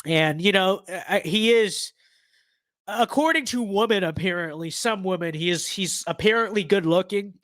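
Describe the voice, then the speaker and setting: A man's voice: high-pitched, moderate pace, a bit bright, no room sound. A young man with a stuffy nose, giving blunt, sarcastic and rambling political commentary in a casual livestream.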